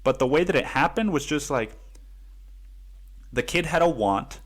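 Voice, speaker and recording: A man's voice: fairly high pitch, animated, normal speed. A man hosting a podcast, telling a story in a casual, heated monologue full of swearing and "dude.". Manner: profane, heated, says "dude" often. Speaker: podcast host.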